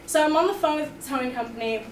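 A woman's voice: high-pitched, fast. A young woman telling a personal story to a class in an upbeat, chatty way, with lots of "like" and "you know.". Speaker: student storyteller. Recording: echoey room, far from the mic, faint background noise.

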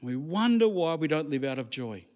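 A man's voice: on the high side, sing-song, moderate pace, darkish tone. A man preaching a sermon in church, conversational and full of rhetorical questions to the congregation. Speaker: pastor.

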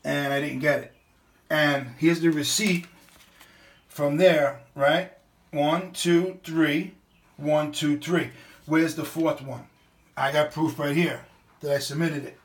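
Middle-aged New man ranting to camera, blunt and profane, voice sitting a touch high. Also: a bit bright. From New York. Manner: blunt, profane, repeats and restarts. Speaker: vlogger. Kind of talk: casual ranting monologue.

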